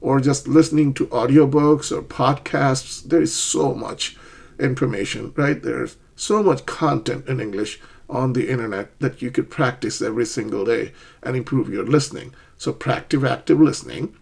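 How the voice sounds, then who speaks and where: A man in middle age giving an English lesson. His voice is a bit husky and sits at an ordinary pitch. He explains patiently and keeps checking that learners follow with "right?" and "okay?". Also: normal speed, darkish tone. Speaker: English teacher.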